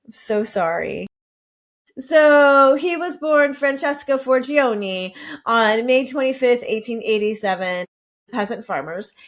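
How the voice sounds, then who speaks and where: A woman co-hosting a podcast, reading out facts in casual chat with chatty asides. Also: fairly high pitch. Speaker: podcast co-host.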